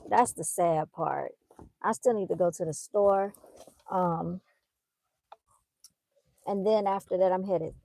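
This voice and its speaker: A woman's voice: mid-range voice, creaky, dry recording. Chatty woman telling a story to viewers. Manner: animated, addresses viewers as "y'all". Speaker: vlogger. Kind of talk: casual livestream storytelling. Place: outdoors by a car, then moving inside. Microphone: phone.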